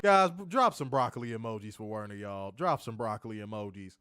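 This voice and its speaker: A man's voice: lowish voice, animated, a little fast, fairly bright tone, clean tone, no room sound, studio quality. A man co-hosting a casual wrestling review show, joking loosely, reading chat comments and summarizing the episode. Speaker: podcast co-host reviewing wrestling.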